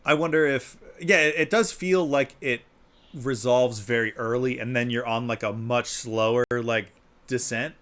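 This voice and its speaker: A man in a relaxed livestream conversation, talking with lively energy. He pops up into a higher pitch to act out quotes, then drops back to his everyday mid-range voice. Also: unhurried. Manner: animated, acts out quotes in a higher voice. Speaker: podcast co-host. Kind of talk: casual chat. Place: live-streamed podcast.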